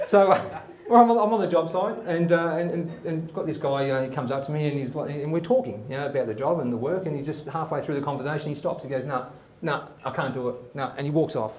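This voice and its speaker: Before a live audience in a studio, a man hosting a comedy show tells rambling, chatty stories packed with fillers. His voice is fairly high and a little mellow, he talks fast, and the room is echoey.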